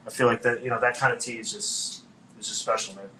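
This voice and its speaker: Bright-voiced easygoing man pitching. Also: fairly even intonation, fast talker, slight background noise, poor audio. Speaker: vendor. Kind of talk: casual sales pitch.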